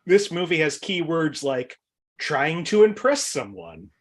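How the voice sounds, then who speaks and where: A man's voice: a little high, expressive, measured pace. A man with a Boston accent hosting a comedic trivia game show over a video call, rambling, with many fillers and frequent laughs.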